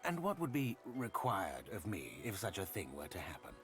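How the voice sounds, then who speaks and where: A man's voice: deep voice, huge pitch swings, moderate pace, fairly bright tone, faint music behind, exaggerated voice. An actor playing a scheming, greedy male dwarf merchant in a video game, speaking in a sly, smug, theatrical way. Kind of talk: game dialogue.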